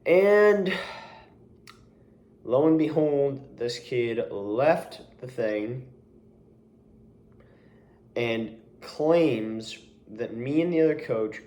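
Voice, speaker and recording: A man's voice: medium pitch, a little mellow. A young man who works as a camp coach, telling a story in a casual vlog, rambling with many restarts and asides and sounding exasperated. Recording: roomy echo.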